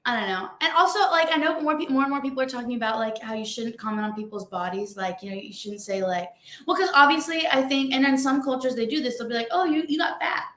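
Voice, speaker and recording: A woman's voice: on the high side, quick pace, a bit bright. A young woman co-hosting a podcast in casual chat, blunt and heated, swearing often. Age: young adult. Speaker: podcast co-host. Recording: echoey room.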